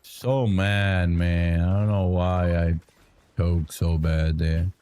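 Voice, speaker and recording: A man's voice: sits low, steady tone, takes it slowly, warm tone, clear, resonant tone. A young man streaming a game live through a headset, muttering frustrated, self-critical commentary to himself. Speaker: gaming streamer.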